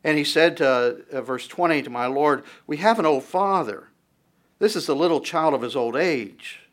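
A man's voice: a little high, moderate pace. A man preaching a sermon, reading verses aloud and explaining them in a conversational, searching way, his voice rising on the quoted lines. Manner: reads verses aloud then comments in a conversational tone, with restarts.

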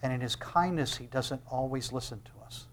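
A man preaching a sermon, swinging between loud emphatic declarations and hushed tender lines, often asking rhetorical questions. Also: mid-range voice, normal speed. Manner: asks the audience rhetorical questions.

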